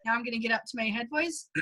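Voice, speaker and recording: Leading a singing class in a relaxed way, a young woman chats and giggles, saying um and like a lot and singing brief examples. She speaks briskly in a slightly high voice that sounds pushed and bright.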